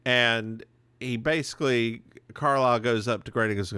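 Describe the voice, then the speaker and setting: A man's voice: medium pitch, steady tone, moderate pace, sharp tone, smooth, no room sound. A man co-hosting a podcast, chatting casually with sassy, campy banter while recapping an episode. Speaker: podcast co-host.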